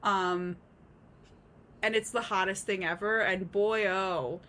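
A woman's voice: mid-range voice, fairly even intonation, slow pace, a bit bright. A young woman in casual chat, giggling and swearing as she retells a fan fiction story.

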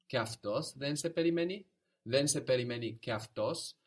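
A man's voice: medium pitch, fairly quick. A man teaching a language lesson, patiently prompting, repeating answers and explaining where words come from.

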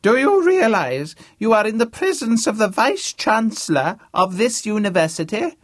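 A man's voice: high-pitched, very animated, moderate pace, fairly bright tone, dry recording, studio quality, voice pushed up, exaggerated voice. A man voicing a very old, deaf, blustering academic who bellows his lines pompously. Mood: bellowing. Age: older. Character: old deaf blustering male Vice-Chancellor impostor.

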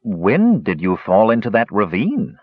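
A man voicing an earnest young male warrior with a husky voice, on a dull, dry recording. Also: lowish voice, wildly swooping pitch, unhurried, no echo, exaggerated voice. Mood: puzzled.

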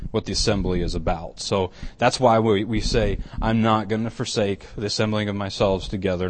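A middle-aged man, an elder preaching a conversational sermon, often repeating and restarting, then building to emphatic points. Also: on the low side.

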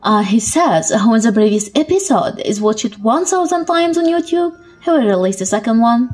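A woman's voice: on the high side, animated, moderate pace, a little mellow, faint music behind. A woman co-hosting a podcast, reading a scripted dialogue in a teasing, playful way. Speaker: podcast co-host.

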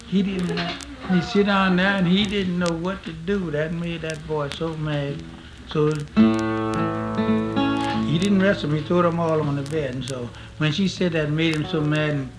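A man's voice: a little high, steady tone, unhurried, music in the background, poor audio. A man telling a rambling folk tale in an old archival recording, folksy and full of fillers. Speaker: storyteller.

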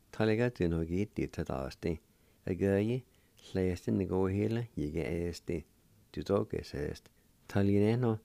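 A man hosting a radio program, teaching words slowly and patiently, spelling them out letter by letter. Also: low voice, creaky, dark tone, dry recording. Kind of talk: slow spelled-out language lesson.

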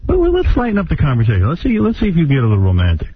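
A man's voice: on the high side, huge pitch swings, racing, husky. A man hosting a radio show, teasing his caller in a mock-seductive way. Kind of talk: radio banter. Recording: tinny broadcast sound with hiss.

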